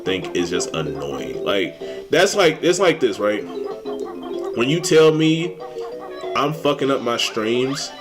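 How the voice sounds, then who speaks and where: A young man chats loosely while he streams a game, his pitch swinging wide as he rants in exasperation. He swears freely and riffs on pet peeves. Game music plays clearly behind him. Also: takes it slowly, long pauses. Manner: animated, swearing, exasperated ranting. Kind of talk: casual rant while gaming.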